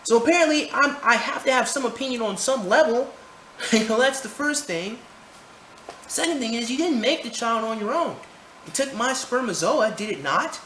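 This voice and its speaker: A man's voice: extremely high pitch, lively intonation, moderate pace, pushed and bright. A man ranting his opinions to camera, heated, profane and rambling, recorded indoors. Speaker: vlogger. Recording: roomy echo, faint background noise.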